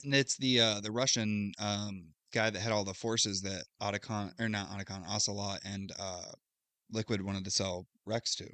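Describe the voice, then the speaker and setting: A man's voice: fairly low pitch, steady tone, normal speed, bright, forceful tone, no echo, studio quality. A man co-hosting a podcast, casually retelling a video game plot in a loose, rambling way with plenty of fillers. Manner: loose storytelling recap, thinks aloud with fillers. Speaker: podcast co-host recapping a game. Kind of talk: casual chat.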